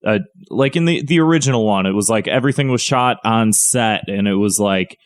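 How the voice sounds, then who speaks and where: Low-voiced rambling young man. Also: fairly quick. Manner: rambling, profane, lots of fillers. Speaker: podcast co-host. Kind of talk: casual chat.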